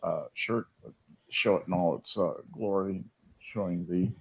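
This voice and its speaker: Older husky-voiced male host. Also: a little slow. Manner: rambling storyteller, lively swings in pitch. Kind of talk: casual panel chat. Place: home office in an enclosed porch.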